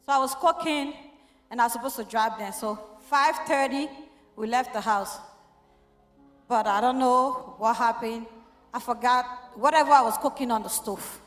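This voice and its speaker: Woman, middle-aged, high voice, emotional church testimony recorded in an echoey hall with soft music. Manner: emotional, storytelling with quoted dialogue. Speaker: church member giving testimony.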